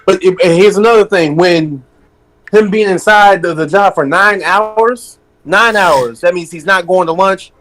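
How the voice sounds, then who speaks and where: Rambling man with a slightly high voice. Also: measured pace, a bit bright, rough recording. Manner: rambling, with many restarts and fillers. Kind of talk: casual podcast chat.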